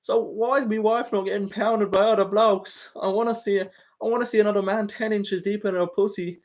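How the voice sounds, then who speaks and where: A man putting on a crude, leering voice for a young man, set higher than his own. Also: fairly even intonation, a little fast, a little mellow, natural voice. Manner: crude, lewd.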